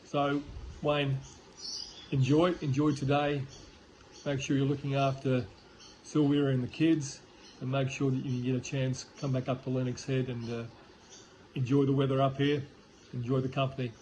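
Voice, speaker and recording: Older aussie bloke, ex-boss, laid back birthday message, bit reflective. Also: male voice, mid-range voice, normal speed, a little hiss or hum, rough recording. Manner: relaxed and reflective, with fillers. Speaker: former boss.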